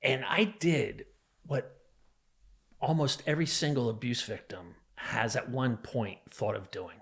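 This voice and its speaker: This middle-aged New Jersey man's voice is medium-pitched, gravelly and husky yet fairly bright, and he speaks a little slowly. As a podcast guest, he vividly and emphatically retells a violent personal memory with great intensity.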